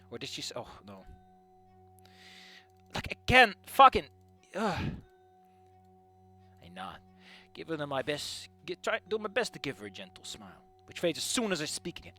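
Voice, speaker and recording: A young man reading fan fiction aloud and ranting about it, with animated, sweary, exasperated outbursts. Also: high voice, fairly quick, no echo, soft background music.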